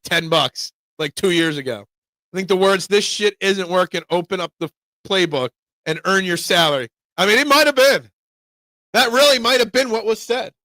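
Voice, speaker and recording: A man hosting a live sports talk show, giving opinionated, excitable fan takes and answering chat. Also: high-pitched, gravelly, no room sound.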